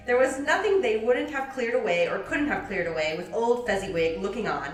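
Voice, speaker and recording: A woman reading a classic novel aloud with lively delivery and playful side comments. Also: a little high, a little fast, hardly any pauses. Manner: lively, laughs often, acts out quoted lines. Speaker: library podcast reader. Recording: roomy sound from a distant mic with music.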